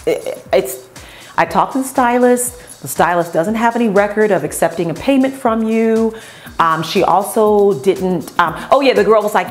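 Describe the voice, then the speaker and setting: A woman who owns a beauty company tells customer stories in an animated way and acts out the voices of the people in them. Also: mid-range voice, moderate pace, faint music behind. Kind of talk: storytelling vlog.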